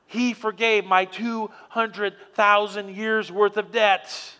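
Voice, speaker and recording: A man playing an overjoyed forgiven debtor phoning his wife, talking in an excited rush. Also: high voice, smooth, voice pushed up, exaggerated voice. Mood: relieved. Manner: excited, breathless, rushing. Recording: long hall reverb.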